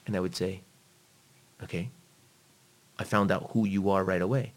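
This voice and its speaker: Low-voiced blunt fitness trainer. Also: male voice, normal speed, pauses often, slightly rough. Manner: blunt, profane, animated when quoting others. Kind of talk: casual podcast chat.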